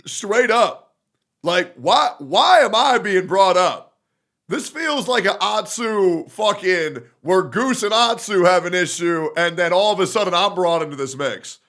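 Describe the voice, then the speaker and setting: A man's voice: high voice, animated, unhurried, fairly bright tone. A young man streaming live, ranting at his chat in a heated, argumentative way and swearing often. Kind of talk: livestream rant to chat.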